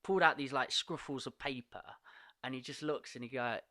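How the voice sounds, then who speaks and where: Male podcast guest, animated storyteller, bright tone, dry close sound. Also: mid-range voice, brisk, no room sound. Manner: animated, laughs often while telling a story. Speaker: podcast guest, poet and coach. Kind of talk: casual storytelling.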